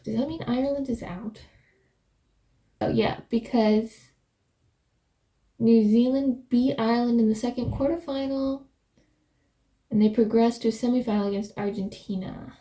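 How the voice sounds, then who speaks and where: A young American woman chatting casually to her vlog viewers from a rented flat, rambling and laughing often. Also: on the high side. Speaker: vlogger. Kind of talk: casual vlog chat to camera.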